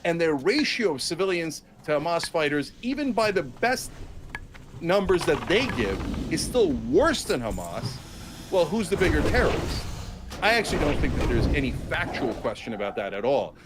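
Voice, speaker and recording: A man's voice: a little high, big pitch swings, moderate pace, very noisy. A man giving impassioned political commentary, emphatic and indignant, with mocking mimicry of opponents.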